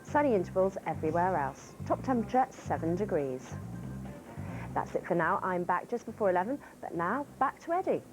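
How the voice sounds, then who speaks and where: A woman reading a short news bulletin in a steady, clear way. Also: lowish voice, fairly quick, over music, poor audio. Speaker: newsreader.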